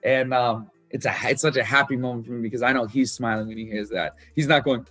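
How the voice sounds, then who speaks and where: A musician rattles on fast, with few pauses, about writing his album, loose, candid and full of fillers and curse words. His mid-range voice is steady and a bit bright. The recording is dry, with faint music underneath.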